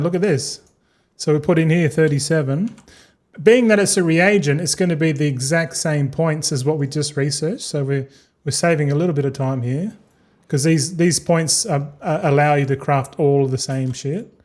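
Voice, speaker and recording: A man's voice: a little high, a little mellow. A young man streaming live, rambling and swearing as he chats with viewers. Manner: rambling, swearing, talks to chat. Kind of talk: casual livestream chat.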